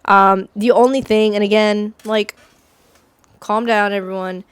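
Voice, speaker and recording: A woman's voice: mid-range voice, steady tone, clear, resonant tone, no room sound. A woman co-hosting a casual chat, talking bluntly with many halts and fillers. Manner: blunt, halting, full of fillers. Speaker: podcast co-host.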